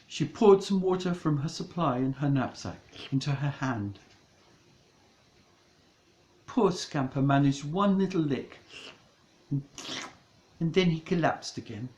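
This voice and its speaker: A man reads a comic storybook at an unhurried pace, his pitch rising and falling with mock-dramatic flair. He speaks at a middle pitch, and his voice carries an echoey room sound. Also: lively intonation, a little mellow. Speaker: narrator. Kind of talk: comic audiobook narration.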